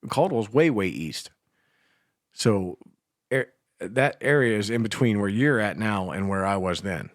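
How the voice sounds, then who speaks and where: Morning radio co-host, male, from Ohio; deep rough voice, rambling crude jokes, dry booth sound. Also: animated, a little slow, no echo. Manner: rambling, crude joking with laughs. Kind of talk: casual banter.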